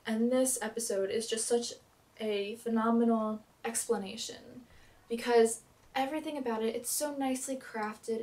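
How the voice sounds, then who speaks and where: A young woman recapping a TV episode as a fan vlogger, gushing and dramatic, with quick swings in loudness. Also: medium pitch, far from the mic, slight background noise.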